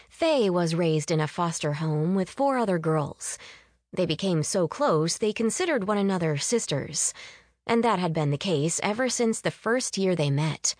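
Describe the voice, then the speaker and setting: Woman narrating a story in a low, dry voice. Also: no room sound. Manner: measured, even storytelling. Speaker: audiobook narrator. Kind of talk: scripted narration.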